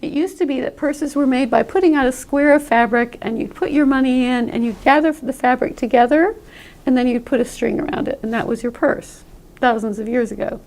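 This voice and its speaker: A woman with a high, gravelly voice teaches pronunciation. She explains patiently and says sample sounds aloud for learners to copy. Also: brisk, darkish tone. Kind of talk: classroom-style explanation.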